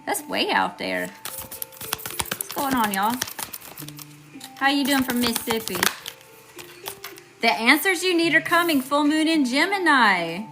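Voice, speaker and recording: A woman's voice: sits high, sing-song, moderate pace, music in the background. A woman giving a live tarot reading, chatty and informal, greeting viewers and often checking in with "okay?". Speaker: tarot reader.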